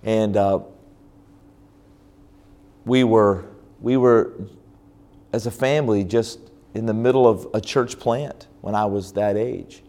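A man's voice: lowish voice, fairly even intonation, takes it slowly, pauses often, mellow. A man preaching as a pastor at a church conference, telling a personal story with frequent restarts and fillers. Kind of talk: sermon testimony.

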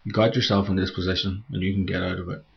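A cold young man who lectures with flat disapproval, as a male narrator reads him. The voice is deep and gravelly with a husky edge. The recording sounds a little dull. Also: quick pace. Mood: coldly lecturing.

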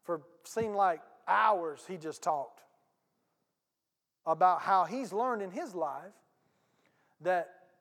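A man, a pastor telling a story in a conversational, folksy sermon with asides to the congregation. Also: high voice. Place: church sanctuary. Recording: long hall reverb.

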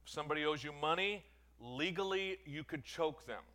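A man's voice: on the high side, normal speed, pushed and bright. A man leading a Bible study, reading scripture aloud and breaking off to explain it with casual, self-correcting asides. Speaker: Bible teacher.

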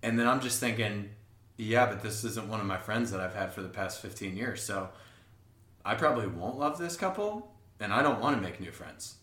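A man's voice: lowish voice, expressive, normal speed, a bit bright, roomy sound. A man co-hosting a podcast, telling rambling stories in casual chat, swearing and acting out other people's voices. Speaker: podcast co-host.

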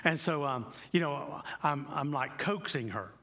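A man preaching a conversational sermon who tells stories and sometimes drops to a hushed voice for emphasis. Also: fairly high pitch. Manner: slows down on key phrases. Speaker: pastor.

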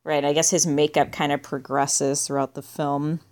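Low-voiced woman musing dryly. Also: flat delivery, normal speed, darkish tone. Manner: dry, musing, trails off with "I guess". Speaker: podcast co-host. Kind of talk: casual movie discussion.

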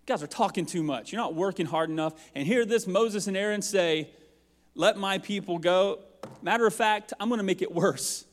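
A man's voice: high voice, normal speed. A man preaching a sermon as pastor, with passionate rising and falling intensity. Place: church sanctuary. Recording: long hall reverb.

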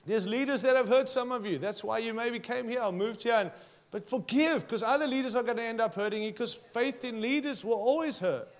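A man's voice: very high voice, fairly quick. A man preaching a sermon, emphatic and passionate, challenging his listeners directly. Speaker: pastor.

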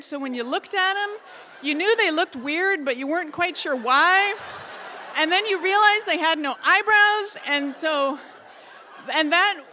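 A middle-aged woman from Alaska tells a personal story to an audience. Her voice sits a little high, and she stays lively and self-mocking, with laughter breaking into the telling. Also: slight background noise. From Alaska, USA.

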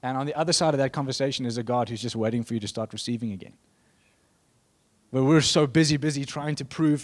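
Man, preacher, sermon, conversational, rambling asides, mid pitch. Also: quick pace.

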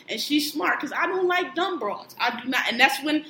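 A woman with a bright, forceful voice, chatting casually about pop culture. She talks in a loose, profane, animated way. The room sounds echoey, with a faint hum of ambience behind her. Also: sits high, brisk, few pauses.

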